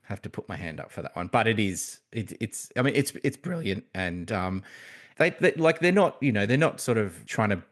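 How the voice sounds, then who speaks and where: A man's voice: on the low side, very animated, moderate pace. A man co-hosting a podcast, talking in casual chat with many restarts and fillers. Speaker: podcast co-host.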